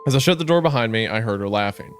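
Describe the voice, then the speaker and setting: Man, podcast co-host, casual horror chat, reads story aloud, laughs a lot, faint music behind. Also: very fast. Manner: animated, laughs often, reads narration in a lower hushed tone.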